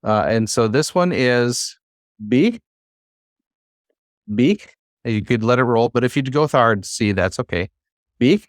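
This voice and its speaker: A man's voice: mid-range voice, moderate pace, hardly any pauses, dry recording, clean studio sound. A man teaching a class, who explains patiently and coaxes his students to try reading aloud. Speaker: Hebrew teacher.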